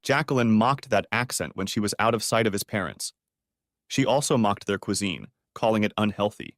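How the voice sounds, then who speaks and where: A man narrating an audiobook story with expressive storytelling. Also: lowish voice, normal speed, no echo, clean studio sound.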